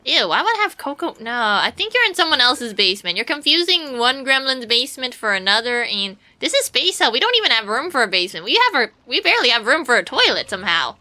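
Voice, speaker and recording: A woman's voice: a little high, sing-song, fast talker, hardly any pauses, bright, forceful tone. A woman streamer giving casual gameplay commentary, rambling playfully to her viewers and swearing now and then.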